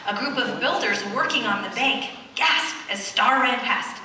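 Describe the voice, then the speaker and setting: A woman reading a picture book aloud to children in a church, pausing to ask them questions. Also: fairly high pitch, noisy background. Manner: animated, questions the children as she reads. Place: church, large indoor space. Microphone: far camcorder. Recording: echoey church hall from far off.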